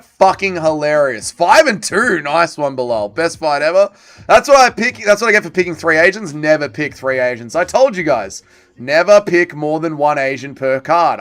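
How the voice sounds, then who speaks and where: A man's voice: on the high side, fairly bright tone. A man hosting a livestream watch party, chatting casually and joking as he reads viewer comments aloud and answers them. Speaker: livestream host.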